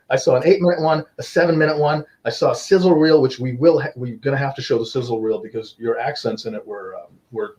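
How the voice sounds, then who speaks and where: A man's voice: mid-range voice, darkish tone, lo-fi sound. A man hosting an online talk show from his office, joking and teasing in a sarcastic, self-deprecating way over a video call. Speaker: host. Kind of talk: casual interview chat. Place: home office.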